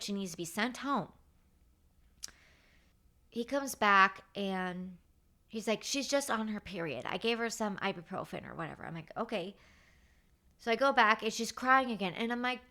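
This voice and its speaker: Chatty bright-voiced woman telling stories. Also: mid-range voice. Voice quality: chatty, lots of fillers like "like" and "um". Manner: animated retelling with acted-out quotes. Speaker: podcast host. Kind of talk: casual storytelling monologue.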